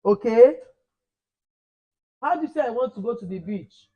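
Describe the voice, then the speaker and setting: A man's voice: extremely high pitch, animated, moderate pace, mellow, muffled recording. A man teaching a language class to children, quizzing them, repeating and correcting phrases, switching between two languages. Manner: switches between Igbo and English.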